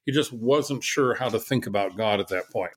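A middle-aged man, a guest author, speaking in a measured, explanatory way as he tells his story in a conversational interview. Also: lowish voice, breathy edge.

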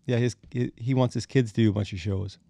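A middle-aged man, a bassist and podcast guest, telling animated stories, acting out quotes and chuckling as he goes. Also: fast talker, gravelly, no room sound. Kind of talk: anecdotal storytelling in conversation.

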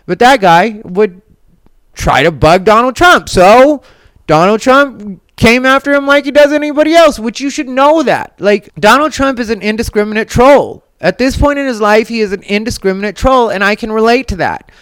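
Blunt, defiant podcasting woman, smooth voice. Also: a little high, animated, normal speed, dry recording. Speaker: podcast host. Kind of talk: opinionated solo podcast monologue. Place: Las Vegas.

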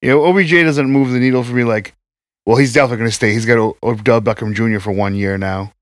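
A man trades blunt, contrarian banter in a casual podcast. His voice sits at a middle pitch, recorded dry and close. He swears freely and argues his points flatly. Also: fast, no echo. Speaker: podcast co-host. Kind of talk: casual chat.

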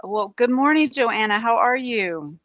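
A woman's voice: a little high, lively intonation, a little slow, a bit bright, no echo, muffled recording. A woman podcast co-host with a Southern American accent, talking in an upbeat, enthusiastic way and asking rhetorical questions. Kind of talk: casual podcast chat.

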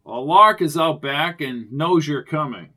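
A man reading an audiobook, voicing a snooty, pompous male official who speaks in a loud, clipped way. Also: on the high side, measured pace. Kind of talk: audiobook character voice.

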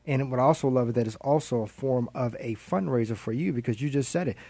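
A man's voice: medium pitch, fast, dark tone, no echo. A man hosting a radio interview, enthusiastic and chatty, asking long run-on questions. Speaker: radio show host.

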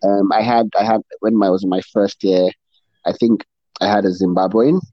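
A man's voice: fairly low pitch, steady tone, normal speed, dry recording. A middle-aged man from Nigeria, an interview guest chatting candidly, rambling with lots of restarts and swearing, in muffled lo-fi audio. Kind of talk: candid casual chat.

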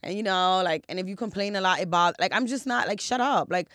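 A woman's voice: medium pitch, fast, fairly bright tone, dry recording, clean studio sound. A woman guest with a strong accent, chatting bluntly and swearing freely. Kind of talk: casual chat.

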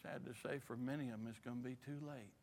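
A man preaching a missionary sermon, impassioned and rising to shouts, in a church. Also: medium pitch, fairly even intonation, quick pace, gravelly, slight background noise. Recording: long hall reverb.

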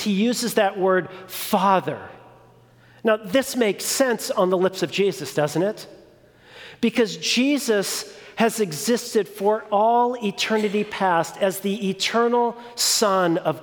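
A man preaching a sermon in a deliberate, emphatic way, repeating phrases for weight. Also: high voice. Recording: long reverb of a large hall.

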